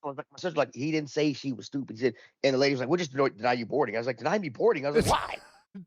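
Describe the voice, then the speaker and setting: Fast-talking man telling a rambling story. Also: medium pitch, lively intonation, no room sound, muffled recording. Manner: rambling, profane, acts out quoted dialogue. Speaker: podcast panelist. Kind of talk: casual chat, anecdote.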